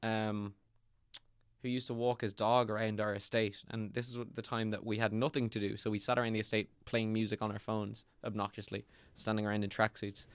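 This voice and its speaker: A man's voice: on the low side, brisk, smooth, dry recording. Rambling young Irish man, dry sound. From Ireland. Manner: rambling, animated storytelling with many fillers and restarts. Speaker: actor, guest. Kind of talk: casual podcast chat.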